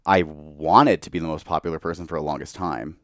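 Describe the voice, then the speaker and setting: A young man with a very deep, slightly bright voice chats candidly as a podcast guest, a bit tipsy from tequila and saying "like" constantly. He talks a little fast, and the studio-quality recording has no room sound.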